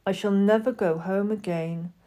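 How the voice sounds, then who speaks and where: A woman voicing a small, shy but dignified wooden girl doll, speaking softly and earnestly. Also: medium pitch, fairly even intonation, moderate pace, natural voice. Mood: sad.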